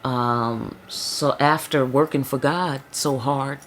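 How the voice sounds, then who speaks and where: Low-voiced woman, slangy tarot reader. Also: steady tone, slow pace, fairly bright tone, a little hiss or hum. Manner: loose, slangy, emphatic, frequent check-ins like "hello?" and "okay?". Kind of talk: casual spiritual reading.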